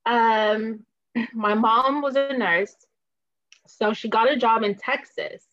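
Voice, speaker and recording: Woman in her 30s from Boston, guest chatting, lively tale-teller, slightly hoarse, a bit high, muffled lo-fi recording. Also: slow pace. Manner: animated storyteller, laughs often. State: slightly hoarse, clearing throat. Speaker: podcast guest. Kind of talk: casual chat.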